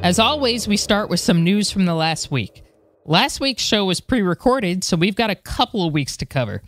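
Podcast co-host, news reading and casual chat, animated pitch. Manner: lively, quick laughs.

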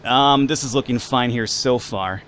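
A man giving casual, animated commentary while playing a video game and reading its lines aloud. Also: medium pitch, measured pace, slight background noise. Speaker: let's play gamer.

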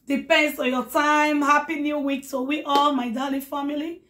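A woman vlogger with a hoarse voice, talking warmly and effusively to her followers, blessing them and repeating her words. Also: high-pitched, level tone, moderate pace. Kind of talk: casual talk to followers.

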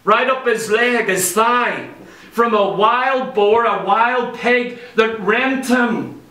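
A man's voice: high voice, slow pace, pushed and bright. A man preaching a sermon to a congregation. He speaks emphatically, fires off rhetorical questions and acts out the voices of the people he quotes. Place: church hall. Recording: echoey church hall, voice from far off.

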